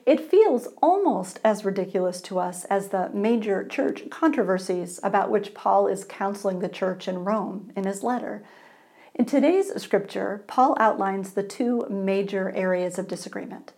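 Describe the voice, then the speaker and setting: A woman's voice: medium pitch, lively intonation, moderate pace, warm tone. A woman pastor giving a sermon in a conversational way, asking the congregation for responses.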